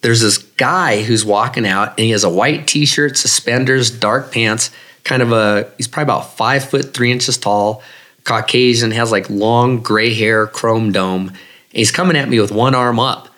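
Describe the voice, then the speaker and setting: A man of middle pitch telling stories from his own life as an interview guest. He talks casually and reflectively, filling pauses with "you know". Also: pushed and bright. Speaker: guest, long-distance runner. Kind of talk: storytelling in an interview.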